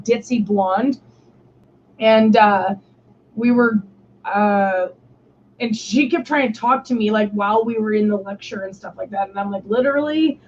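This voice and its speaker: A woman's voice: on the high side, darkish tone, a little hiss or hum. A young woman hosting a stream, telling stories in casual chat, swearing often and saying "like" constantly. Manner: swears often, heavy use of "like". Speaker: stream host. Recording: muffled lo-fi stream audio.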